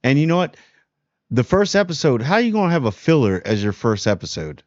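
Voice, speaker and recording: A man from New Jersey hosting a casual spoiler review of a TV show, talking bluntly with frequent restarts and animated jumps. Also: mid-range voice, a little fast, dry recording, dull audio. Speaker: TV review host.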